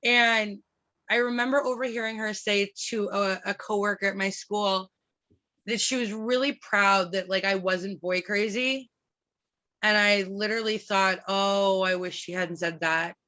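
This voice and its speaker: Woman, thirties, bright tone, frank and lively storyteller, podcast guest. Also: mid-range voice, unhurried, dull audio. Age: 30s. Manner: frank, animated storytelling with swearing and laughs. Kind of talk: candid podcast conversation.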